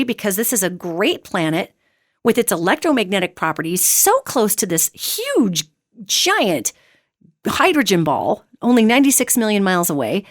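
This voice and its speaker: A woman hosting a radio show, giving an emphatic, animated monologue into a close studio mic. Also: medium pitch, moderate pace, no echo. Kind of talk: monologue on metaphysics.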